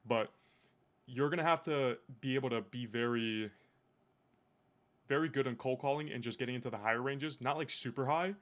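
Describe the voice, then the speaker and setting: A man's voice: medium pitch, normal speed, pauses often. A young man in casual chat, coaching a coworker on sales, swearing freely and making his points bluntly. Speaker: sales rep.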